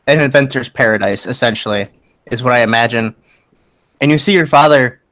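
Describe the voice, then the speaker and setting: A man narrating as game master of a tabletop game, casual and halting, with frequent restarts and laughs. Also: mid-range voice, a bit bright, no room sound.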